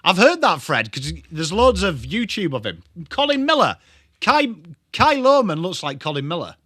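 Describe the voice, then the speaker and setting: English male streamer, young, bright and animated, calls the footy and chats to viewers, dry close mic. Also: high voice, normal speed, no room sound. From England. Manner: chatty, greets viewers, lively. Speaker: livestream host. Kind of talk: live football watchalong commentary.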